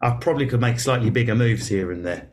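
A man with an Essex accent hosts a loose chat in a mid-pitched voice. He is blunt and jokey, and he swears freely. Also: fast, a little mellow. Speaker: podcast host. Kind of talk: casual chat.

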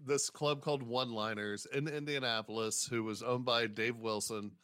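A man's voice: mid-range voice, normal speed, dry recording, studio quality. A man who is a stand-up comedian, telling stories casually in an interview and acting out the voices of people he quotes. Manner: animated, acts out quoted voices, swears casually.

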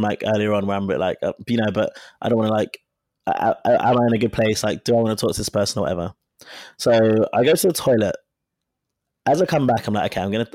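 Man telling a frank, animated story. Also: lowish voice, no echo. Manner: animated storytelling, acting out quoted dialogue; frank and profane. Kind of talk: casual chat.

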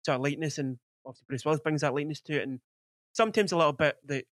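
A man in his forties hosts a casual film podcast, rambling through his thoughts with plenty of filler words. His voice sits a little high, and the recording is dry and close, with no room sound. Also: fast talker, fairly bright tone, dry recording. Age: 40s. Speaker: podcast host.

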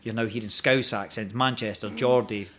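A man's voice: lowish voice, steady tone, moderate pace, fairly bright tone. A Scottish man in his forties, a guest actor talking casually, rambling with many restarts and hesitations. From Scotland. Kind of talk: casual chat.

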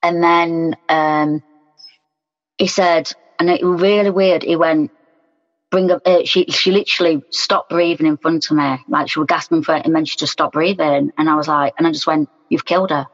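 A woman's voice: low-pitched, steady tone, normal speed. Woman with a reverberant, muffled sound. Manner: frank, plain-spoken, retells scenes in quoted speech. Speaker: interview guest. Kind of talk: personal account in conversation. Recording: dull sound with long room reverb.

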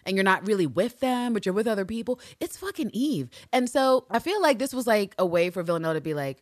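A woman co-hosting a podcast in casual chat, animated and profane, acting out scenes in quick put-on voices. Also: medium pitch, dry recording, clean studio sound. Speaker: podcast co-host.

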